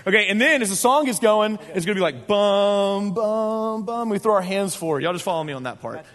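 A young man telling a lively story to a live audience, talking with the crowd and sometimes shouting. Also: sits high, quick pace. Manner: animated, talks with the crowd, shouts at times. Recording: echoey large hall.

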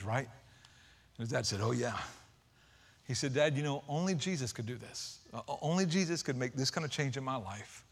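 A man preaching a sermon, retelling a story with emphatic swings between loud outbursts and hushed, quiet passages. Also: mid-range voice.

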